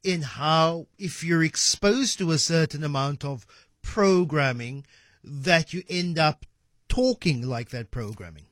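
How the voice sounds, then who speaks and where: A man's voice: a little high, a little slow, no echo. A man hosting a radio talk show, talking in a playful, emphatic way. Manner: animated, playful, emphatic delivery. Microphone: studio microphone.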